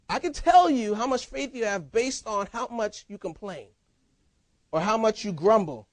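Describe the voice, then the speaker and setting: A man preaching a sermon as pastor, in a lively, conversational style with casual banter. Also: high-pitched, moderate pace, no room sound. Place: church.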